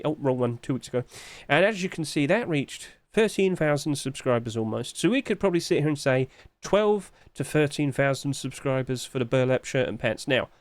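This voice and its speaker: A man's voice: on the high side, no room sound. A man who hosts a commentary channel and thinks aloud in a chatty way while talking through sales figures. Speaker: game market analyst. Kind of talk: screen-share commentary.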